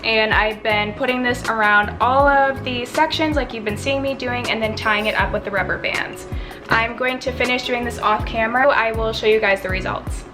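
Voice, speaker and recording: A young woman with a Midwestern American accent chats to her viewers in a casual, rambling vlog. Her voice sits a bit high, and she often circles back to restart a thought. Music plays clearly underneath her. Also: normal speed. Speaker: beauty vlogger. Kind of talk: casual vlog talk to camera.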